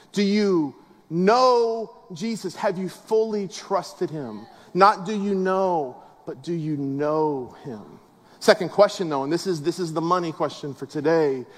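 Male pastor, high voice, conversational but emphatic sermon delivery, big echoing church hall. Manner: conversational, emphatic preaching with rhetorical questions. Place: large church auditorium. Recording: long hall reverb with faint music.

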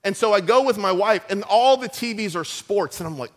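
A middle-aged man preaching a sermon as pastor, telling funny stories with lively asides to the congregation. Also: sits high, fairly quick, hardly any pauses.

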